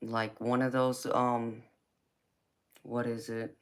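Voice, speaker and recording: A woman's voice: very deep voice, slow. A woman with a Southern accent from Georgia, chatting casually and drawling on a livestream as she answers viewers. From California. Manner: drawling, relaxed, calls people baby. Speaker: tarot reader on a livestream. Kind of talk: casual live chat reading viewer comments.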